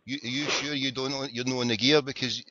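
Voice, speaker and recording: Insulting Scottish caller on a muffled line. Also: male voice, mid-range voice, steady tone, fairly quick, a crowd in the background. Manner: insulting, interrupts, repeats his taunts. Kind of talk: heated phone-in argument.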